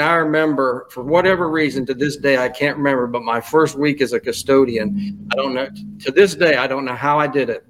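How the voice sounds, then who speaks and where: A middle-aged man, a guest on a podcast, telling stories in a casual chat with frequent restarts and "you know"s. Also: medium pitch. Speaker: guest, retired school custodial administrator.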